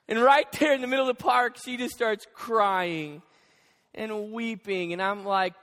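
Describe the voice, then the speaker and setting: High-pitched guy preaching, animated storyteller, long hall echo. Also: normal speed. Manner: animated, jokey, acts out quotes. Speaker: pastor. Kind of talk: sermon with storytelling. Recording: reverberant hall.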